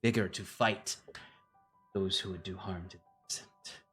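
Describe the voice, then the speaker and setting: Man playing a grateful, effusive male mage; low-set voice, flattering, over faint music. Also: moderate pace, husky, full character voice. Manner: gushing, flattering. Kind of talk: tabletop role-play voicing.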